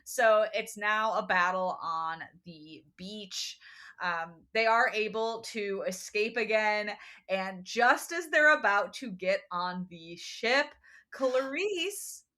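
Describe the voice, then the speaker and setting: A woman co-hosting a podcast, recapping a book in casual chat and acting out quick quotes from the characters. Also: mid-range voice. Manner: animated storytelling with quick voiced quotes and laughs. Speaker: podcast co-host.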